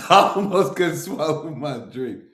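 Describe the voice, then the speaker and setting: A man's voice: a little high, expressive, unhurried, fairly bright tone. A man hosting a reaction video, ranting animatedly and profanely with frequent laughs. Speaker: host reacting to a clip. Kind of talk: casual reaction commentary.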